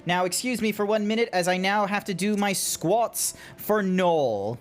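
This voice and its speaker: A man's voice: high voice, a little slow. A man with an Australian accent chatting playfully with his chat while streaming a game. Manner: playful, joking, teasing chat. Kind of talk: casual chat while gaming.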